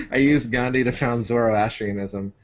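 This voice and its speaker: A man's voice: medium pitch, takes it slowly, over a noisy crowd. A man co-hosting a casual gaming podcast, joking and laughing between his lines. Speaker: podcast co-host. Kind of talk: casual chat. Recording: dull lo-fi recording.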